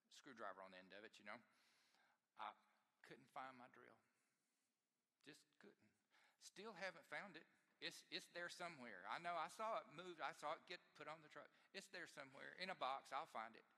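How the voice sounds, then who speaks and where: A man, a pastor, preaching a sermon and telling a personal story in a lively, self-deprecating way. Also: mid-range voice, long reverb tail. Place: church sanctuary.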